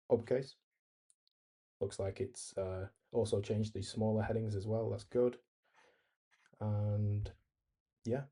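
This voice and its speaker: A man's voice: lowish voice, dark tone, slightly rough. A man hosting a screen-recorded coding tutorial, talking easily and thinking aloud as he types and reads replies. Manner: easygoing, thinks aloud while typing and reading replies. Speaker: tutorial host.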